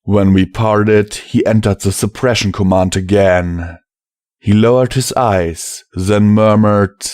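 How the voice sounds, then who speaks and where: Slow, low-voiced male audiobook narrator. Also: steady tone, darkish tone, no room sound, clean studio sound. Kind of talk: first-person audiobook narration. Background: faint music.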